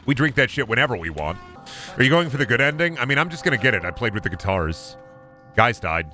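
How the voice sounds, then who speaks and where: A young man talks over his game stream in a loose, profane ramble full of joking tangents. His voice is bright and ringing. His pitch swings widely as he riffs. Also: big pitch swings, quick pace, slight background noise. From United States. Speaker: streamer playing a video game. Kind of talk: casual gaming commentary.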